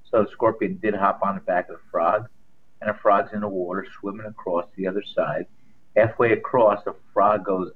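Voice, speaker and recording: A man's voice: lowish voice, fairly even intonation, normal speed. A man co-hosting a casual sports talk show, telling folksy stories and homespun sayings. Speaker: co-host. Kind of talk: casual sports radio chat. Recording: tinny phone-line sound.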